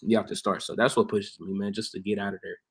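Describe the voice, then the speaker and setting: A young man, a barber and home cook, talking casually as an interview guest, laid-back and laughing often, getting animated when he quotes people. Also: on the low side, fast talker, breathy edge. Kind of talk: casual conversational storytelling.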